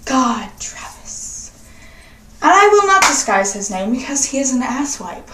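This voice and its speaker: A young woman with a slightly high voice talks slowly and sassily, swearing freely as she chats to her viewers. She sounds set back from the mic, and the room's echo rings around her words. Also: big pitch swings, noisy background. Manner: sassy and profane, chatty. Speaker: vlogger. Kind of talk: casual confessional chat. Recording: roomy echo, distant from mic.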